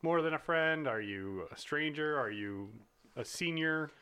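Animated male podcast co-host. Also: fairly high pitch, unhurried, clear, resonant tone. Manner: animated, playful, laughs often. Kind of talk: casual chat.

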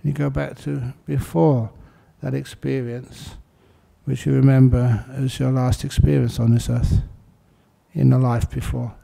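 A male meditation teacher gives a dharma talk in a heavily gravelly, fry-laden voice. His tone is dark and mellow, with no edge at all. He tells his stories in an easygoing, anecdotal way, as if chatting with the room. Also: mid-range voice, measured pace. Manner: relaxed anecdotal storytelling.

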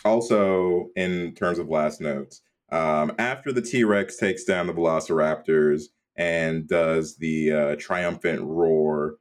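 A man co-hosting a casual movie-review podcast, rambling in a relaxed way with plenty of "like". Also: a bass voice, slow pace, few pauses. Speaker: podcast co-host.

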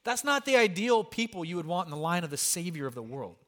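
Speaking fast, a man with a somewhat high voice preaches his sermon conversationally and with animation. He adds light jokes and asides aimed at the congregation, as a pastor.

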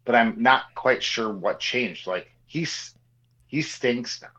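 A man co-hosting a sports podcast, riffing in an animated, joking way and repeating himself. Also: medium pitch, slow. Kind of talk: casual sports talk. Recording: slightly dull, lo-fi mic.

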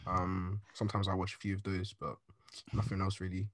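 A man co-hosting a podcast, joking and laughing in animated banter. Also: low voice, brisk, no room sound, clean studio sound. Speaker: podcast co-host. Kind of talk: casual chat.

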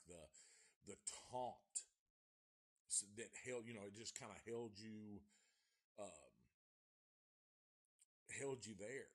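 A man's voice: lowish voice, breathy edge. A man giving a rambling, heavily profane review of an old horror film. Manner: profane, rambling, restarts often. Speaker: movie reviewer.

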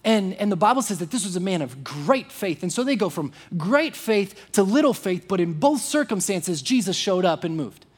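A young man with a high voice preaches in a loose, chatty way. He restarts his sentences often and slips into quoted voices to act out scenes. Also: big pitch swings, normal speed, hardly any pauses. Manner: conversational, many "like" fillers and restarts, acts out quoted voices. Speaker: pastor. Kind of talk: sermon.

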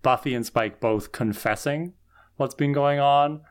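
A man's voice: mid-range voice, measured pace, smooth. Male co-host with a thoughtful, earnest take and a mid-range voice. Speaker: podcast co-host. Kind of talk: casual discussion.

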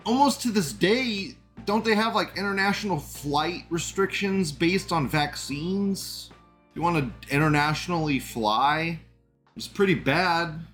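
A man with a slightly high voice hosts a casual live stream, reading out chat messages and riffing on them. He rambles and gets indignant, swears freely and breaks into laughs, with faint music under his talk. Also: a bit bright.

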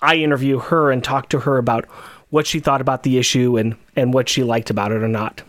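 A man in his thirties co-hosting a podcast, explaining things at length in casual chat with quick restarts. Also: mid-range voice, steady tone, no echo, clean studio sound. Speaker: podcast co-host.

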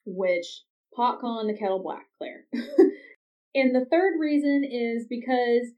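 A woman's voice: a little high, takes it slowly. A woman hosting a podcast, recapping a TV episode in casual chat with chatty, exasperated asides. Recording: dull, slightly distant lo-fi recording.

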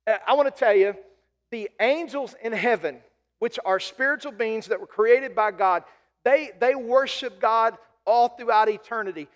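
A man's voice: very high-pitched, moderate pace, big-room sound. A man preaching a sermon as pastor, emphatic, repeating key lines and calling out to the congregation. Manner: emphatic preaching with repetitions and call-outs to the congregation.

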